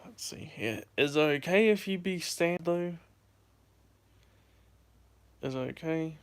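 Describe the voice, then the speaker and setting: A man's voice: on the high side, slow pace, smooth. A young man in his late teens from the United States, chatting casually on a phone livestream, rambling and repeating himself as he answers chat. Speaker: YouTuber livestreaming. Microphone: handheld phone.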